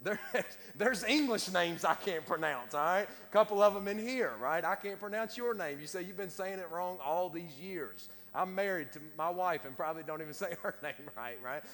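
A man's voice: high voice, expressive, fairly quick, few pauses, a bit bright. A middle-aged man, preaching a sermon with casual, self-deprecating asides to his congregation. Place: church sanctuary. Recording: long church reverb.

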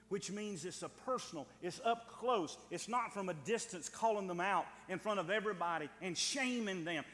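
A man preaching in a church, his fairly high voice ringing out with a long hall reverb. He hammers key phrases again and again, rising to loud urging and then dropping to soft pleading. A faint hum sits beneath the recording. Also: moderate pace, few pauses. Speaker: pastor. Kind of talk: sermon. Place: church sanctuary.

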